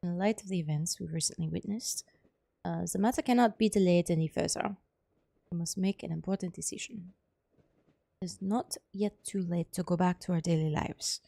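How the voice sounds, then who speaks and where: A grave older German psychiatrist from a mystery game, as a woman puts him on, speaking with an attempted German accent. He talks in a hushed, measured, solemn way. The voice is low and gravelly. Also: dry recording.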